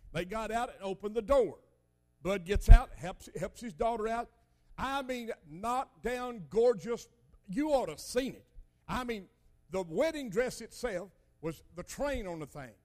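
High-voiced older preacher. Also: male voice, animated, unhurried. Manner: folksy storytelling, loud emphatic bursts. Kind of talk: sermon.

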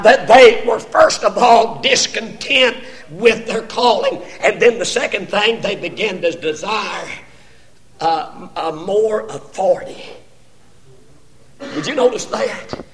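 Speaking slowly, an older preacher with a high voice delivers a fervent sermon. His voice rises to shouts and he stumbles on repeated words in his passion, before sinking low again to hammer home a point.

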